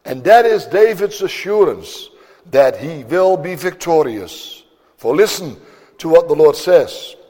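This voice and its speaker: A man's voice: a little high, big pitch swings, measured pace, warm tone. A man preaching a sermon in a solemn, declamatory manner, stretching out words for emphasis. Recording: long hall reverb.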